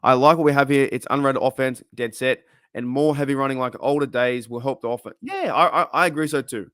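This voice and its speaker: A man's voice: medium pitch, a little fast, a bit bright, dry recording, clean studio sound. An Australian man hosting a casual live stream, rambling and chatting while reading viewers' comments aloud. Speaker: livestream host.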